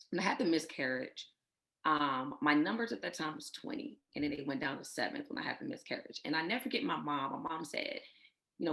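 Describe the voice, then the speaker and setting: A woman with a low voice tells her own story in an interview. She is heartfelt and emotional, speaks of faith, and often acts out what others told her. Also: creaky, fairly bright tone. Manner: emotional, faith-filled, retells others' words. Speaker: guest sharing her infertility story.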